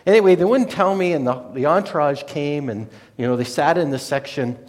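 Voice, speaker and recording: In a brisk, slightly mellow voice on the higher side, a man tells a personal story with few pauses. His casual telling wanders off on tangents and is packed with self-corrections.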